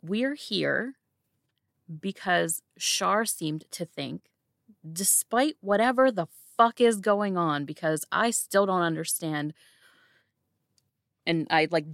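A woman's voice: on the low side, takes it slowly, a bit bright, dry recording, clean studio sound. A woman playing a guarded, defiant young woman who speaks bluntly and swears.

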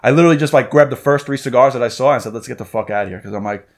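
Fast-talking male podcast storyteller. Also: mid-range voice. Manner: fast anecdotes with acted-out quotes.

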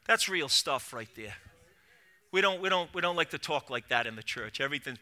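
A middle-aged man preaching a sermon as pastor, dropping to a hush and then rising to loud cries, with quick repeated restarts. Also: mid-range voice. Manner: swings from hushed to loud preaching.

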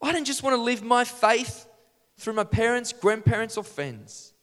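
A man delivers a lively sermon, firing rhetorical questions at his listeners. His voice sits high for a man, and the sound rings out with a long reverb in a church hall. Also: normal speed. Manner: animated, rhetorical questions to the congregation. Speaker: preacher.

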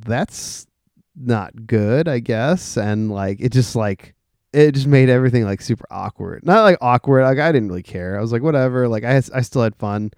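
A man's voice: mid-range voice, normal speed, darkish tone, no room sound, clean studio sound. A young man hosting a casual solo podcast, rambling with many fillers, restarts and the odd swear word. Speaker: podcast host.

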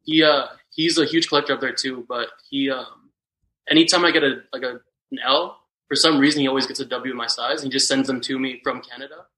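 A young man from Texas chats as a guest, his voice bright and forward. He wanders through his stories with loose fillers and easy asides. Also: medium pitch, fairly quick, rough recording. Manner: relaxed, rambling storytelling with many fillers. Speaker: podcast guest. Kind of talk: casual chat.

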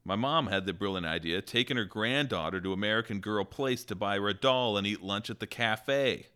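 A man's voice: on the low side, fairly quick, bright, forceful tone, smooth. A man voicing a fussy grown man grumbling about a doll store, reading in an exaggerated mock accent. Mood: indignant.

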